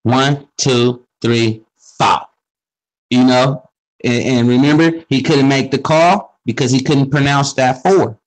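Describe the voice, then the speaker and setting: Brief: man, middle pitch, relaxed slangy explainer in a casual group talk. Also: takes it slowly, rough recording. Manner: explains with questions and street slang. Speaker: speaker in a group discussion. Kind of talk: casual conversational monologue.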